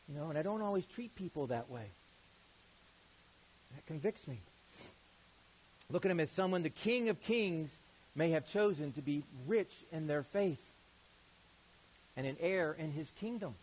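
Casual, higher-voiced male pastor preaching. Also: normal speed, long pauses, a little mellow, a little hiss or hum, low-quality recording. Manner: casual, conversational preaching with asides. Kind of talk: sermon.

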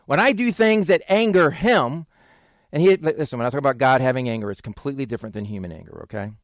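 A man preaching a sermon as a pastor, talking to the congregation in a conversational way, raising his voice for emphasis and dropping low for asides. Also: no echo, studio quality.

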